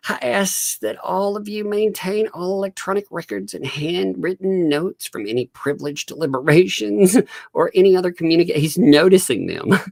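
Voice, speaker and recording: A man's voice: high voice, animated, moderate pace, gravelly, darkish tone, no echo, studio quality. A man hosting a casual live-stream commentary from home, reading documents aloud and laughing often. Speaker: host.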